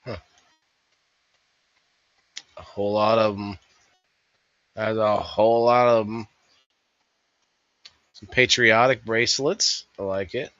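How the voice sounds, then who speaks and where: A man's voice: on the low side, fairly even intonation, slow, long pauses, fairly bright tone, no room sound, highs cut off. A man hosting a casual review, thinking aloud in a rambling voice-over. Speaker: host reviewing a vendor fair.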